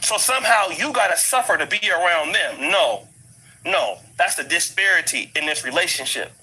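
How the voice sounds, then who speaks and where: Blunt, husky Black American man ranting. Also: on the high side, animated, normal speed, sharp tone, rough recording. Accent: African American English. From United States. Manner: blunt, emphatic, repeats points for force. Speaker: commentary vlogger. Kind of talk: ranting commentary. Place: living abroad.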